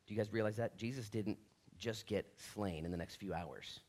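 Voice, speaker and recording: A middle-aged male pastor preaching a sermon in a lively, animated way, acting out the voices of people in the story. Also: on the low side, moderate pace.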